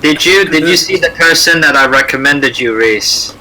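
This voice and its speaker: A man's voice: on the high side, normal speed, sharp tone, a little hiss or hum, low-quality recording. A man chatting on a live stream in an eager, talkative way, asking questions and reading out viewer messages. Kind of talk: casual group chat on a live stream.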